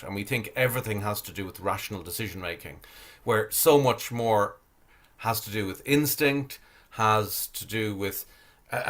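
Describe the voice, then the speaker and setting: A middle-aged Zen priest from Ireland speaking reflectively over a video call, with many fillers and restarts. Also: male voice, lowish voice, fairly bright tone.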